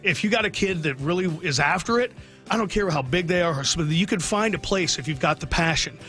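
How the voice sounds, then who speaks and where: A man's voice: fairly high pitch, expressive, fairly quick, a bit bright, soft background music. A middle-aged man, a radio sports broadcaster, talking heartfelt and rambling about his son in a radio interview, choking up at times.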